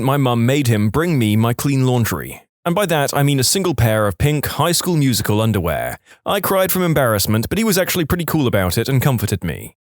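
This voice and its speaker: A man's voice: medium pitch, no room sound, clean studio sound. A man narrating reader-submitted stories in a wry, scripted storytelling delivery.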